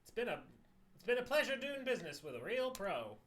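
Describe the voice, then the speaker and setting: A man's voice: high-pitched, big pitch swings, brisk, fairly bright tone, voice pushed up. Man doing a fawning island peddler. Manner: fawning, sing-song sales patter. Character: chipper island peddler, male, salesman.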